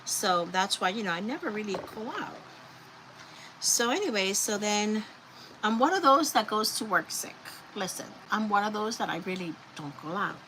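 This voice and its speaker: A woman's voice: mid-range voice, normal speed, rough recording. A woman hosting a live crafting stream, chatting and rambling to her viewers as she works. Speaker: craft livestream host. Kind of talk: casual live crafting chat. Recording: steady background noise.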